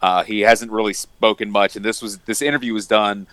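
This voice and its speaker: A man's voice: lowish voice, steady tone, a little fast, fairly bright tone, smooth, no echo. A young man co-hosting a casual podcast chat, enthusiastic and laughing often as he recounts favourite scenes. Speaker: podcast co-host.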